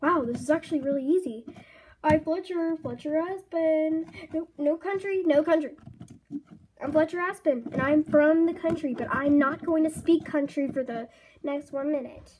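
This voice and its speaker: A woman's voice: high-pitched, normal speed, a little mellow, slight background noise, close to an everyday voice. A woman voicing an eager male country horse in a toy horse role-play video, straining to sound proper.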